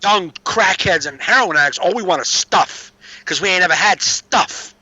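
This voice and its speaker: Streetwise man, casual podcast chat, bright edgy voice, dry muffled sound, slightly high. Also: moderate pace, breathy edge, dry recording. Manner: streetwise storyteller, swears freely. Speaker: podcast guest.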